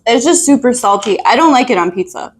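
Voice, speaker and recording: A woman co-hosting a casual podcast while eating, giggly and easygoing, gently coaxing her co-host. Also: a little high, lively intonation, quick pace.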